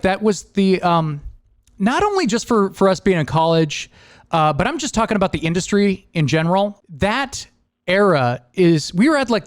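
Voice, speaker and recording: A man in his forties hosting a podcast, telling rambling stories in a casual, animated way and laughing often. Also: a little high, no echo, clean studio sound. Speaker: podcast host. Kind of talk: casual storytelling chat.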